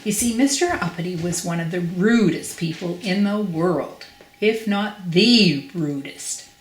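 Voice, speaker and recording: Storybook narration: older woman, lowish voice, expressive and emphatic, echoey room. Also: unhurried. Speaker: grandparent reading aloud. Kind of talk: children's storybook reading.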